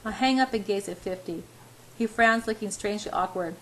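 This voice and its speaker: A woman reads a first-person story aloud in a plain, steady voice. Her pitch is mid-range for a woman. A faint background noise sits under the reading. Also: fairly quick, rough recording. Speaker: reader.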